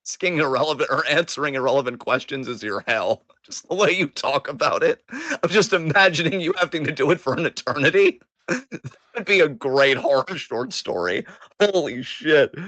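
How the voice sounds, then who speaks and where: A man's voice: fairly high pitch, lively intonation, normal speed, fairly bright tone, no echo. A man hosting a casual podcast chat, joking, laughing and swearing casually. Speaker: host.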